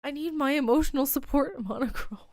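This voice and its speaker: A woman's voice: sits high, fairly quick, a little mellow, no room sound, clean studio sound. A woman streamer reacting live to a fan game, exclaiming often, laughing and sighing between her remarks.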